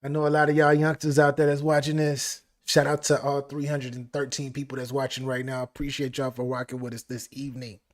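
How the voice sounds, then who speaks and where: A man hosting a live album reaction stream, talking excitedly and repeating phrases. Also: mid-range voice, a little fast, hardly any pauses. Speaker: music reaction host.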